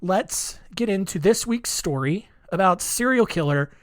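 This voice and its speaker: A man's voice: high voice, expressive, a little slow. A man hosting a podcast solo, rambling casually with lots of fillers and restarts. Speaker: podcast host.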